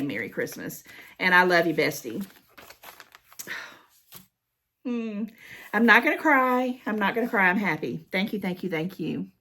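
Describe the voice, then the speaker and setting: A woman's voice: on the low side, bright, forceful tone. A middle-aged American woman chatting casually as she reads fan mail aloud, gushing and emotional, often repeating her words. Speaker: haul vlogger.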